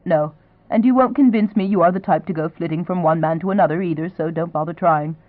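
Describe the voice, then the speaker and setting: Here the same romance reader voices the old duchess grandmother in a way that stays close to ordinary speech: polite, gracious, and gently but firmly insistent in a genteel mood. Delivery is fast at medium pitch, and the dry, thin, narrow recording has no echo.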